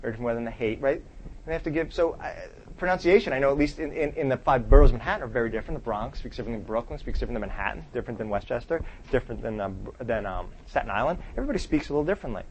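A man's voice: mid-range voice, lively intonation, racing, slight background noise. A man teaching a class in a conversational lecture style. He quizzes the students and keeps checking in with "right?".

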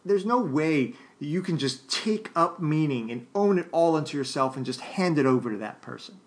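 With a fairly high, expressive voice, a man works through an unscripted philosophy lecture, pausing, restarting and using fillers as he thinks aloud. He talks straight to his listeners, frequently asking "right?".

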